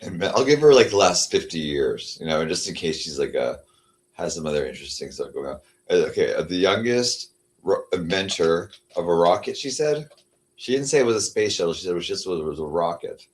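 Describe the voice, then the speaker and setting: Deep-voiced man rambling on a stream. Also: big pitch swings, brisk. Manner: meandering, heavy on fillers, coos at his cat. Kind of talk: casual rambling livestream chat.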